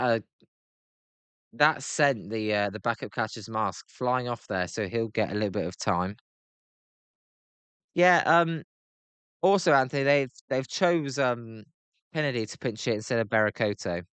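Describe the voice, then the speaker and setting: A man's voice: mid-range voice, measured pace, long pauses, fairly bright tone, clean tone, no room sound. A British man hosting a live stream, giving casual play-by-play reaction, chatty and grumbling, answering viewers by name.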